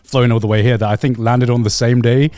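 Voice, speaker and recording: A man's voice: mid-range voice, fairly even intonation, brisk, darkish tone, dry recording. Man chatting on a podcast, dry sound. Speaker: podcast co-host. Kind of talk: casual chat.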